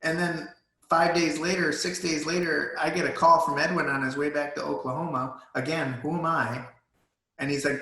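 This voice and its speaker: A man's voice: on the high side, steady tone, normal speed, bright, forceful tone, echoey room, low-quality recording. A man guest in a virtual Q&A, telling a personal story in an earnest, emotional way. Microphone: video call.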